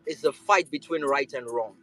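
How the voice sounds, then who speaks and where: A man's voice: medium pitch, moderate pace, fairly bright tone, faint music behind, poor audio. A man giving an impassioned speech on a live audio chat, building his points through repeated rousing lines. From Nigeria. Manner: rousing, repetitive oratory. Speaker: speaker on a live audio space.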